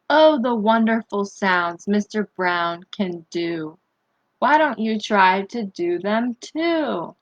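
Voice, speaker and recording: A woman reads a children's picture book at a slow, unhurried pace, her voice sitting a little high. She pauses to ask the young listeners questions as she goes. The recording sounds a bit dull and lo-fi. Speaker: storybook reader. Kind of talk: bedtime story reading to children.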